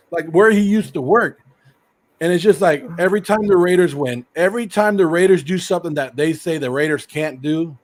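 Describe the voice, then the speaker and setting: Fairly high-voiced, hoarse middle-aged male host, pumped up and rambling. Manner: excited, rambling, laughs often. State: sick, hoarse. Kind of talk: casual livestream chat.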